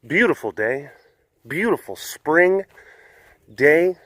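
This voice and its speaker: A man hosting a casual vlog outdoors at an animal compound, rambling playfully with lots of fillers and cooing softly at the animals. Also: fairly high pitch, very animated, slow pace, no room sound. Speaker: host.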